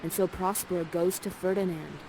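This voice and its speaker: A woman's voice: lowish voice, steady tone, fairly quick, darkish tone, a little hiss or hum, low-quality recording. A woman playfully narrating and directing players through a live play, coaxing and jokey, on a headset mic. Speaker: immersive theater performer guiding players.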